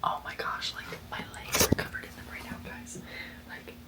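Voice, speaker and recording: A woman's voice: normal speed, bright, forceful tone, low-quality recording. A young woman vlogger whispering her gasping, gushing reactions to a book late at night before bed. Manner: gasping, gushing, says like a lot.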